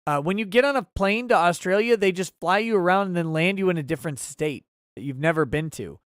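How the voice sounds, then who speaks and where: A man's voice: sits high, animated, fairly quick, smooth, no echo, clean studio sound. A man hosting a casual livestream talk show and reading viewer messages aloud with sarcasm and mock outrage.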